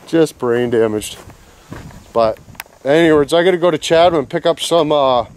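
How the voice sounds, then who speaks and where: A man's voice: fairly high pitch, moderate pace, a little mellow, smooth. A man, swearing freely and venting in casual chat while working on a trailer renovation. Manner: profane, exasperated storytelling. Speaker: vlogger. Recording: faint background noise.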